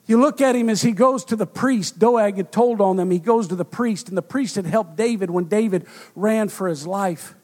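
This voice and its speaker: A man preaching a sermon, rising to loud shouts and dropping to hushed tones, with frequent fillers. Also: high voice, normal speed, hardly any pauses. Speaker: pastor.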